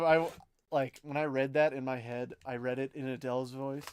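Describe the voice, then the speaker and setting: A young adult man hosting a live card break, giving chatty, excitable commentary and talking to viewers by name. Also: medium pitch, normal speed, clear, resonant tone, dry recording.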